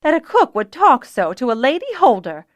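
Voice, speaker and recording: A woman's voice: sits high, very animated, moderate pace, no room sound, voice pushed up. A woman voicing a brusque, busy female kitchen cook who scolds sharply and gets flustered.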